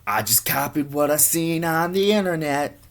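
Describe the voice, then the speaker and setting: A man's voice: a little high, animated, moderate pace, gravelly, fairly bright tone, pitched above the performer's own voice. A hapless young guy with face tattoos, voiced by a man, speaking in loose street slang. The voice stays close to the performer's own.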